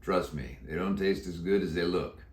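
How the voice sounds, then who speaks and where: A man voicing a slow, folksy old cowboy zombie with a deep, croaky drawl in a storybook read-aloud. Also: natural voice. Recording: echoey room.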